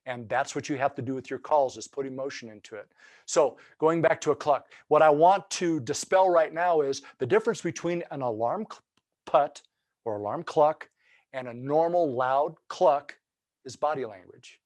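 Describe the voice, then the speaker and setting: A man's voice: a little high, moderate pace, darkish tone, no echo. A man giving a webinar lesson on turkey hunting, explaining calls in a folksy, loose way with many restarts.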